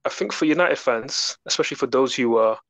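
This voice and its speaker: A man, a podcast guest giving fluent, relaxed football analysis. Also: mid-range voice, a little fast, vocal fry, no echo, poor audio.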